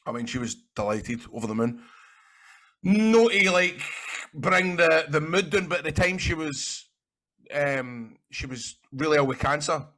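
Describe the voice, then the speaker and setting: A man with a Scottish accent, a guest in an interview, telling rambling, animated stories and swearing freely. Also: a little high, measured pace. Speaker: interview guest, actor and wrestler. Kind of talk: casual anecdotal storytelling.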